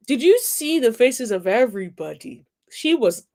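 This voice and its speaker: A woman's voice: fairly high pitch, big pitch swings, moderate pace, few pauses, darkish tone. A woman hosting a reality TV recap, reacting to clips in a chatty, sassy way and humming "mm-mm-mm" in approval. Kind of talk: casual commentary on show clips.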